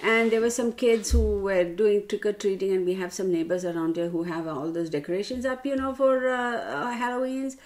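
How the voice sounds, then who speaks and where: A woman's voice: medium pitch, fairly even intonation, normal speed, hardly any pauses, darkish tone. A woman tarot reader telling a rambling story straight to her viewers, calling them y'all.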